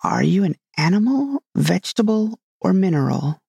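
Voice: medium pitch, unhurried, gravelly, dark tone, no echo. A narrator voicing a tired, sleepy male lion in a storybook reading, lazy and growling. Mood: weary.

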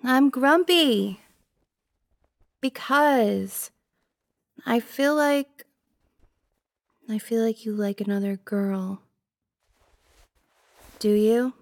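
A woman's voice: on the high side, extremely slow, long pauses, no echo. A woman as a pouty, jealous girlfriend. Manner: pouty, teasing, drifting into soft whispers. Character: jealous, possessive young girlfriend, clingy and pouty. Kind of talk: girlfriend audio role-play.

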